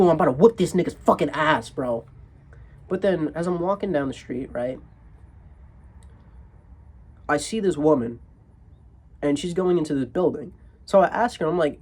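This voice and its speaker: A young man telling a comedic story about his day, animated and heavily profane, often restarting his sentences. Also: fairly high pitch, fairly quick, breathy edge.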